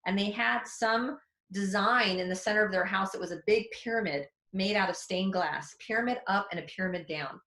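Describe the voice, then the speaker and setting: A woman in her forties, a psychic development teacher, telling a story in a webinar in a casual, candid, animated way with mild swearing. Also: mid-range voice, normal speed, echoey room.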